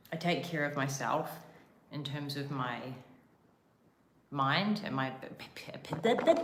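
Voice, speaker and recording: A woman's voice: rumbling low, fairly bright tone, echoey room, a little hiss or hum. A young woman with a New Zealand accent chatting casually on a live stream, rambling and self-deprecating with lots of "like" fillers. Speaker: livestreamer. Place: rented villa room, indoors.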